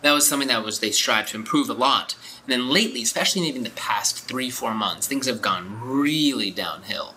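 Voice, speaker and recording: A young man rants casually as a podcast co-host, blunt and opinionated. His voice is very bright and sharp. Faint noise hums behind him. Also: medium pitch, animated, brisk, hardly any pauses, rough recording. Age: young adult. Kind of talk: casual chat.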